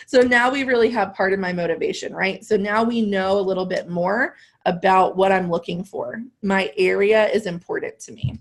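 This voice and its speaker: A woman's voice: medium pitch, normal speed. A woman sales trainer coaching a live role-play webinar, upbeat and laughing often as she acts out both sides of a call.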